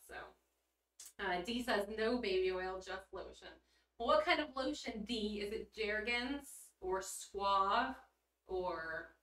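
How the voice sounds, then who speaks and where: A woman's voice: mid-range voice, a bit bright. A woman chatting casually on a livestream, reading her chat aloud, bubbly and giggly with blunt casual swearing. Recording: roomy echo, mic at a distance.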